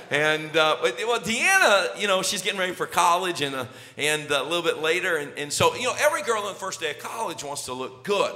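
A man's voice: a little high, a little fast, hardly any pauses, a little hiss or hum. A middle-aged pastor who tells funny family stories and acts out each scene before starting his sermon. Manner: animated, jokey, acts out scenes. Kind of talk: storytelling sermon intro. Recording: echoey hall reverb.

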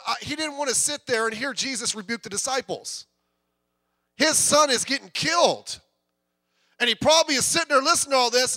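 A man's voice: very high voice, pushed and bright, dry recording. A middle-aged man preaching a sermon in a conversational, joking way that swells into bursts of intensity. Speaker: pastor.

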